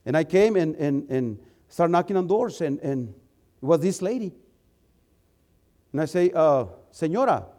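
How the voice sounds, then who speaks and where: A male preacher with a high voice, preaching and storytelling to his congregation. He is animated, stumbling over repeated words as his excitement builds. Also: measured pace, long pauses. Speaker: preacher and missionary. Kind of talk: sermon storytelling.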